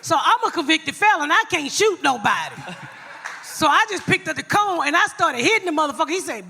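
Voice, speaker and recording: A middle-aged woman holds forth on a live podcast stage. Her high, bright voice swings widely as she tells loud, profane stories. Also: very animated, fairly quick, vocal fry, slight background noise. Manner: brash, profane, loud storytelling. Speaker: comedian and podcast host. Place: live show before an audience.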